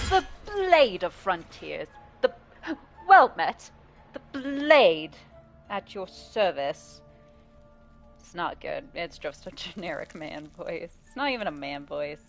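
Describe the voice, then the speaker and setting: Woman game streamer, casual chat, swears a lot, quick laughs, faint music behind. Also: low voice, a bit bright. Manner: chatty, swears, laughs often, reads chat aloud.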